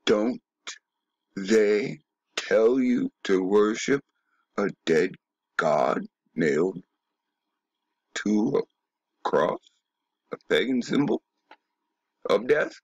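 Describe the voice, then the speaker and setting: A man talks slowly and insistently in a rambling monologue, pressing his points with rhetorical questions and curse words. His voice sits at a middle pitch, and the recording is close and dry, with no room sound. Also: lively intonation, a little mellow, husky, no room sound, dull audio. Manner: emphatic, profane, full of rhetorical questions. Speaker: video commentator.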